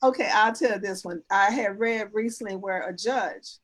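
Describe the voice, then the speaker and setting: A woman's medium-pitched voice moves at a moderate pace. She's an etiquette and image consultant in a casual interview, explaining earnestly with everyday examples, showing sentence endings, and restarting often as she instructs.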